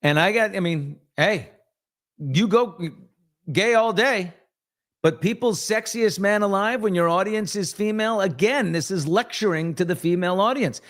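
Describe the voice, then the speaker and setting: A middle-aged male host riffs through a casual live morning show in a fairly high voice. He sounds blunt, sarcastic and sure of his opinions, and now and then he slips into mimicking someone else. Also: normal speed. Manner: mimics other voices in quotes.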